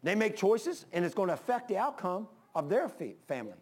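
Older man preaching high and fervent. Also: big pitch swings, a little fast. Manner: impassioned preaching, rises then drops low. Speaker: pastor. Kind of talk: sermon.

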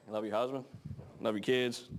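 A man's voice: mid-range voice, fairly even intonation. Joking man preaching to a congregation. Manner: joking, conversational, slows to read scripture. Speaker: pastor. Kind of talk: sermon. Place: church in front of a congregation.

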